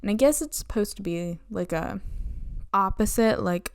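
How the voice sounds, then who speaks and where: Young woman with a crisp, sarcastic voice. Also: mid-range voice, normal speed, no room sound, clean studio sound. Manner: flippant, sarcastic, slipping into mock voices. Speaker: video essayist. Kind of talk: casual plot recap.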